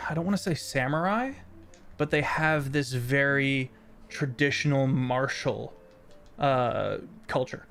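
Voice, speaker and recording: A man with a mid-range voice narrates a tabletop role-playing game as game master, speaking haltingly and using lots of fillers.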